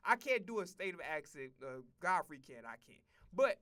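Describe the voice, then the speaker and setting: Profane, excitable man streamer, bright voice. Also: sits high, moderate pace, clean tone. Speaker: sports streamer. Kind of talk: casual sports commentary stream.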